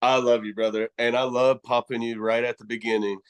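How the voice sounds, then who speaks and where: This man speaks with a Southern accent from East Tennessee, rambling happily through a casual podcast chat. His words tumble into one another and he laughs often, in a voice of middling pitch. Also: level tone, a little fast, smooth. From East Tennessee, USA. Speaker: guest, horror host.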